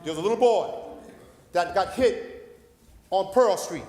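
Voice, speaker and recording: A man from Paterson, New Jersey, giving an impassioned, preacher-like public comment at a city council meeting, rambling and fervent, with loudness that swells and drops. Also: sits high, expressive, takes it slowly. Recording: echoey council chamber with long reverb.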